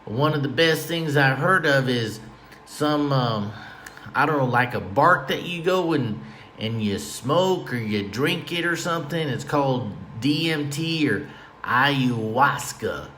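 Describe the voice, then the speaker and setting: A man's voice: medium pitch, lively intonation, a little slow, a bit bright, slight background noise. A man hosting a podcast, talking in a folksy, tongue-in-cheek ramble that drifts off topic late at night at home. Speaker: podcast host. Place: room at home with a fan.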